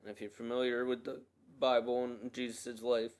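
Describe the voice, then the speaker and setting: A man hosts a casual solo podcast in a monotone, medium-pitched voice with a darkish, clean tone at a moderate pace. He wanders earnestly from thought to thought, with plenty of fillers and restarts.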